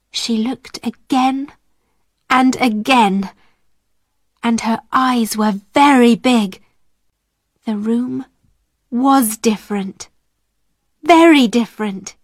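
A woman reads a storybook aloud slowly and clearly, with a fairly high voice. The recording is dry and close, with no room around her. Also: no room sound. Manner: slow, clear, careful. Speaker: audiobook narrator. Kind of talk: graded-reader storybook narration.

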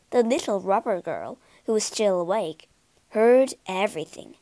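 A woman reading a storybook aloud in an expressive, unhurried way. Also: medium pitch, no room sound.

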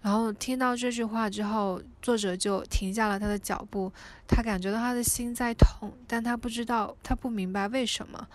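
A woman's voice: medium pitch, fairly even intonation, a little fast. A woman reading and retelling a storybook aloud, hesitant with frequent fillers and restarts.

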